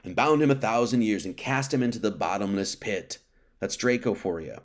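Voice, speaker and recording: A man's voice: lowish voice, normal speed. Conversational man preaching a sermon. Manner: conversational, acts out quotes, many restarts. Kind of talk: informal sermon with scripture reading.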